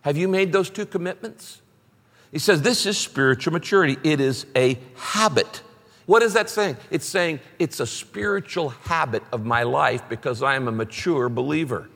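A man's voice: a little high, moderate pace, gravelly, fairly bright tone. Emphatic preaching man in a big hall. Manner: emphatic, repeats key phrases, reads scripture aloud. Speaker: pastor. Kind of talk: sermon.

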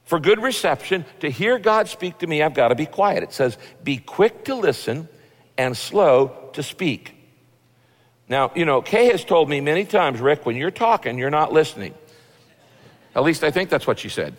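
A man's voice: a little high, big pitch swings, normal speed. Folksy preaching man in a reverberant hall. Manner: conversational, folksy, acts out quoted people. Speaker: pastor. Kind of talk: sermon. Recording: long reverb of a large hall.

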